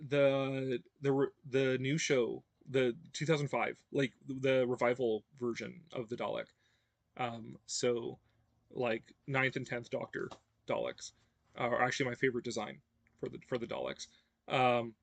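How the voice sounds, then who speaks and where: A man hosting a livestream, chatting casually with viewers in a rambling way, with many fillers and restarts, growing animated when excited. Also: mid-range voice, no echo. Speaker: livestream host. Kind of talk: casual fan chat answering viewers.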